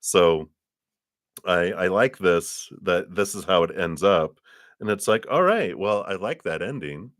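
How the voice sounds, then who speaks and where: Man, very low voice, dry close sound; tarot reader talking a viewer through a spread, encouraging and rambly. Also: fairly bright tone, dry recording. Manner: rambling, encouraging, many fillers and restarts. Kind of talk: live tarot reading to a viewer.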